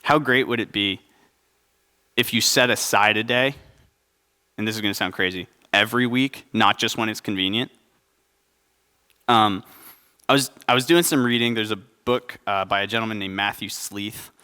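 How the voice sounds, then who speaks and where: A man's voice: fairly low pitch, fairly even intonation, moderate pace, long pauses, pushed and bright, smooth, long reverb tail. A young adult man preaching a conversational sermon at a church service, joking and asking the congregation questions. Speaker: pastor.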